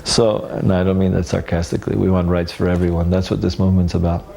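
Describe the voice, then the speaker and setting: A man recalling old memories in a casual, animated storytelling way, acting out the dialogue and often stopping to restart. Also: low-pitched, creaky. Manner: halting, with restarts and fillers.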